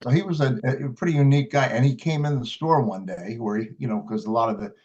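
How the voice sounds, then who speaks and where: An older man speaks in an easygoing, rambling storytelling manner, doubling back on his words and filling pauses with ums and uhs. His voice sits at an ordinary middle pitch. The recording sounds a little dull and lo-fi. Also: darkish tone. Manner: rambling storyteller with many restarts and fillers. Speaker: interviewed blues harmonica player. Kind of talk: casual interview.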